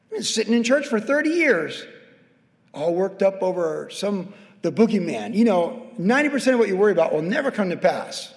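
A man's voice: high voice, big pitch swings, fairly quick. A middle-aged man, a pastor preaching a conversational sermon that rises to emphatic exhortation, in a church sanctuary. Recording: long hall reverb.

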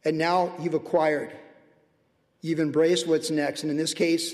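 A man preaching a sermon as pastor, passionate and swinging between loud outbursts and hushed asides. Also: fairly high pitch, flat delivery, a little slow, long reverb tail. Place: church sanctuary.

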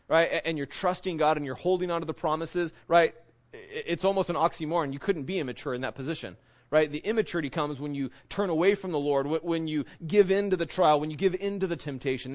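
A man preaching with an earnest, teaching tone, his voice sitting a little high. He keeps checking in with his listeners and slows down to drop low on the words that matter. The recording sounds dull and lo-fi. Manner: earnest, often asks 'right?'; slows and drops low on key phrases. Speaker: pastor. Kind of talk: sermon.

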